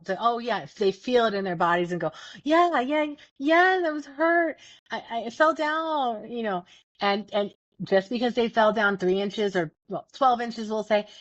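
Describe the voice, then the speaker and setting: At medium pitch and with no echo, a woman hosts a podcast of casual self-help talk about feelings. She speaks earnestly, emphasizing her points and frequently repeating words, over a dull, dry lo-fi recording.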